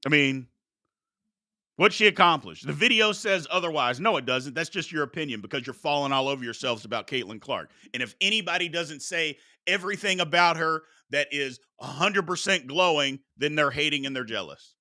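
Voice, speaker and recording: A man's voice: on the high side, lively intonation, a little fast, bright, forceful tone, no room sound, studio quality. A man hosting a sports talk show, arguing heatedly with his chat and preaching about respect. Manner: combative, preachy, exclaims "Lord have mercy".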